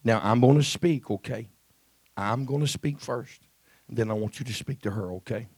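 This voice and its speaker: A man's voice: mid-range voice, normal speed, a little mellow, breathy edge, no room sound, clean studio sound. A man preaching a Pentecostal sermon, fervent and emphatic, repeating his phrases.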